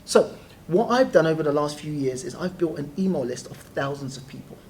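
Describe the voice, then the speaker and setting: A guest telling stories in a casual interview, animated and quick to laugh. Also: medium pitch, slight background noise. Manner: animated, laughing, acts out quoted voices. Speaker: guest, property deal trainer.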